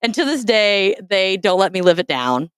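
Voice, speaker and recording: Lively, animated woman telling a story. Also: mid-range voice, normal speed, smooth, no room sound. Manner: animated, self-mocking storyteller. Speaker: podcast host. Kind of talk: casual chat, storytelling.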